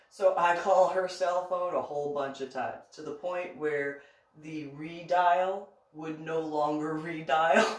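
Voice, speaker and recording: A woman from New Jersey telling a casual story on her vlog, laughing often as she talks. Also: on the low side. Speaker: vlogger. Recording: echoey room, distant mic.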